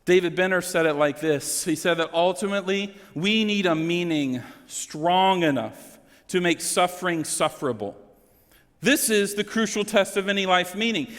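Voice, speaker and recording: A high-voiced man preaches a sermon in a church sanctuary, earnest and openly emotional. His voice carries a long reverb tail from the hall around him. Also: a bit bright. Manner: emotional, earnest preaching with dramatic swings in pitch. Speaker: pastor.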